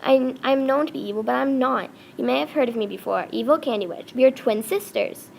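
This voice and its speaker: Woman reading eager young candy witch girl, storybook, fairly high, a little gravelly. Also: a little fast, a little mellow, a little hiss or hum. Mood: earnest. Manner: reads lines aloud in plain speaking voice.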